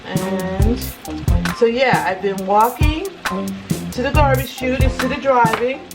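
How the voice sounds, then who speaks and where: A woman's voice: a little high, slow pace, poor audio. A woman chatting casually to viewers while she cooks in her home kitchen. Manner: chatty, talks straight to viewers. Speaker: vlogger. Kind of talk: casual cooking vlog chat. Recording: home video with loud music behind.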